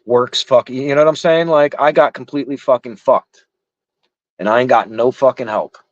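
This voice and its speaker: A man's voice: medium pitch, normal speed, no echo. A middle-aged man in casual chat, frustrated and rambling, swearing heavily. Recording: dull lo-fi sound.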